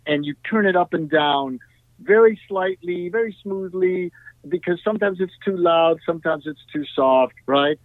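A man, a guest musician, telling animated stories in a podcast interview, full of "you know" and "right?". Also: on the high side, gravelly, no room sound. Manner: animated, tag questions, frequent "you know". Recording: tinny dry phone-like line.

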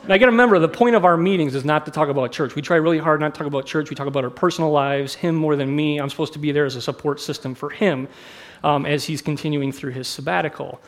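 A man's voice: fairly high pitch, fast. A middle-aged man, a pastor, preaching a sermon in a candid, conversational way, mixing personal stories with teaching. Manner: candid, conversational, self-deprecating.

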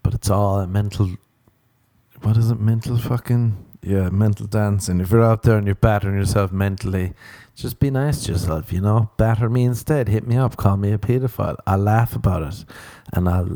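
A man's voice: fairly low pitch, normal speed, warm tone, no echo. A man hosting a podcast, telling rambling, profane, self-mocking stories in a casual comedic monologue. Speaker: podcast host.

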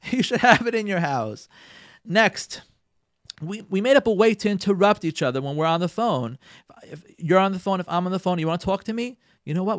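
Man, radio advice host, lively swooping delivery, somewhat high voice, emphatic and instructive, dry close sound. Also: no echo. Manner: animated, acts out spouses' lines in quoted voices, repeats words for emphasis; emphatic and instructive, addresses listeners directly. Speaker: radio show host giving marriage advice.

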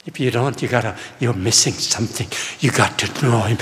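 An older man giving a sermon testimony, telling his story in an animated way and acting out his own past words. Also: medium pitch, a little fast, hardly any pauses. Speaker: preacher. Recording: long reverb of a hall.

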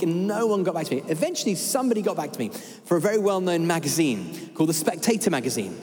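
A man preaching a sermon. He is animated and humorous and acts out bits of dialogue. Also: fairly high pitch, fast. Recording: reverberant church hall.

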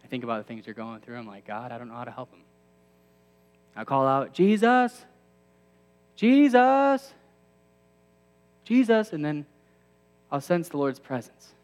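A man's voice: medium pitch, fairly even intonation, brisk, long pauses, long reverb tail. A man in his thirties preaching a sermon to a campus ministry, conversational with self-deprecating asides that build to emphatic peaks.

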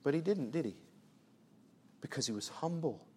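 A man preaching a sermon, asking rhetorical questions and swinging between hushed, soft passages and loud, emphatic ones. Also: a little high, animated, normal speed, husky.

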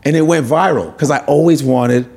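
A male stand-up comic spinning loose, profane stories in a casual conversation. His voice sits a little high for a man, and he jumps into the voices of the people he is describing. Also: a little fast, creaky, darkish tone. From United States. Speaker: stand-up comedian guest. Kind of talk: casual storytelling chat.

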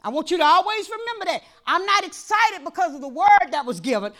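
A woman pastor preaching a sermon in a church, impassioned and repetitive, dropping to a hush and then rising to shouts. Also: very high-pitched, animated, brisk. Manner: impassioned, repeats phrases, swings from hushed to shouting.

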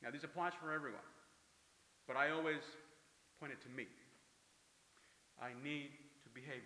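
Animated preacher man in echoey hall. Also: fairly high pitch, a little fast, long pauses. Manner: animated, acts out dialogue. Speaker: pastor. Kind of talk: sermon. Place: large hall at a men's camp. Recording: echoey hall, long reverb.

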